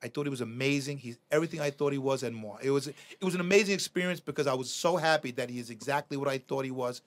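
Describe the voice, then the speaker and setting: A middle-aged man, a podcast guest telling animated stories, swearing freely and acting out quoted lines. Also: medium pitch, racing. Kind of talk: casual storytelling.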